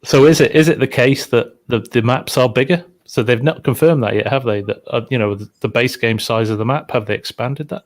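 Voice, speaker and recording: Male co-host talking casually about a game, unsure and thinking out loud. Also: mid-range voice, brisk, hardly any pauses. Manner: speculative, hedging, trails off. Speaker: co-host, farming game streamer. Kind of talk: casual chat.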